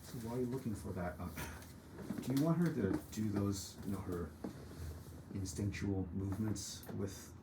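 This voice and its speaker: A woman with a very low voice, a parent at a lesson, puts quick and hesitant questions to the teacher. She sounds off-mic in an echoey room with clear background noise.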